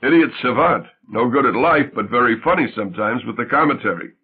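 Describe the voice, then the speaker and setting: A man voicing a shy, odd grown man who talks in a dry, self-mocking deadpan, in a tinny, phone-like recording. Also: mid-range voice, a little fast, close to an everyday voice.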